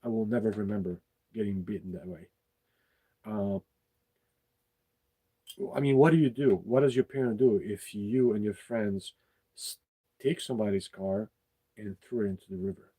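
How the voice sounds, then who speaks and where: A man's voice: on the low side, normal speed, pauses often, mellow, breathy edge, poor audio. A man hosting an unscripted talk show, telling a childhood story in a candid way and swearing freely. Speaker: podcast host.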